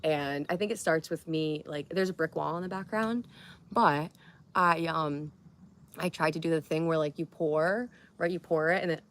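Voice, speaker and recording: A young woman talking to her viewers on a live stream in a slightly low voice. She rambles from thought to thought, giggles often and drops in casual swearing, keeping the talk loose and chatty. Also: normal speed, fairly bright tone.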